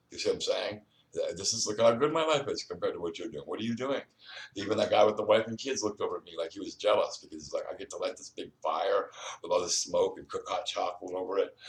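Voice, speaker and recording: Brief: low-voiced man, rapid and rambling, repeats "you know what I mean", preachy, sits back from the mic. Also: far from the mic, poor audio. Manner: repetitive, restarts often, keeps saying "you know what I mean"; earnest and preachy, urging the listener. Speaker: vlogger. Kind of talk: rambling personal monologue. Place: indoors at home.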